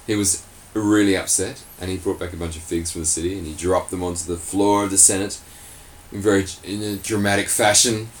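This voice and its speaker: A man in a casual comedic chat, explaining history in an animated, laughing way. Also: deep voice, a little fast, a little hiss or hum, rough recording. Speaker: resident historian.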